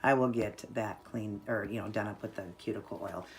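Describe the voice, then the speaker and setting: Very low-voiced woman showing her nail work. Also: fairly even intonation, brisk. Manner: chatty, upbeat, explains step by step. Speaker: nail art vlogger. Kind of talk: casual tutorial chat.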